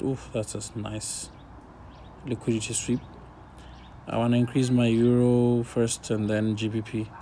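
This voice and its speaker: A man's voice: medium pitch, dark tone, a little hiss or hum. A laid-back man casually commenting on his forex trades while sharing his screen, talking half to himself as he watches the charts.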